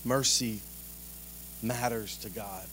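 Lively preaching man, faint hum. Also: on the low side, slow pace. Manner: lively, conversational preaching with humor and direct questions to the congregation. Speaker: pastor. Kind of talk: sermon.

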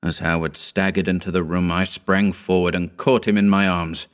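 Deep-voiced man narrating a horror story. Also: level tone, moderate pace, clean tone. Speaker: audiobook narrator. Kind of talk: scripted narration.

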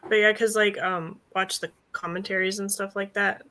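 A woman's voice: medium pitch, fairly even intonation, moderate pace, pushed and bright. Chatty woman in a casual group chat. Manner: chatty, laughs often, lots of fillers.

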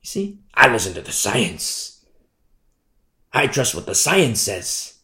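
A man's voice: mid-range voice, sing-song, slow, sharp tone, reverberant, pitched below the performer's own voice, exaggerated voice. A man voicing a skeptic who scorns a prophet in a dismissive, sneering way. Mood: mocking. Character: scoffing skeptic mocking a prophet.

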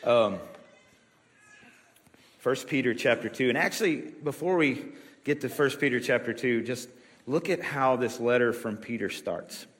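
A man's voice: medium pitch, measured pace, a bit bright, long reverb tail. A man preaching a sermon to his church in a loose, conversational way, with frequent fillers and restarts. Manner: casual, rambling with many fillers and restarts. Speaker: pastor. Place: church sanctuary.

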